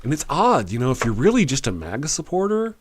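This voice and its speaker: A man hosting a live stream, reading chat comments out loud in a wry, chuckling, fast manner. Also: mid-range voice. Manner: animated, chuckling, wry, quick after lots of coffee. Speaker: live-stream show host.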